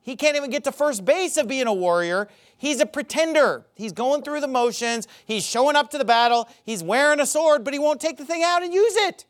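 Preacher, male, high voice with big swings, animated sermon delivery. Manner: animated preaching, mocking acted quotes. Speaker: pastor.

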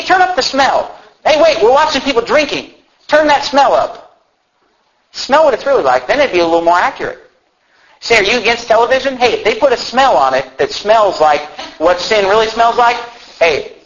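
A male pastor preaching a sermon, swinging from loud emphatic preaching to low asides. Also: highs cut off.

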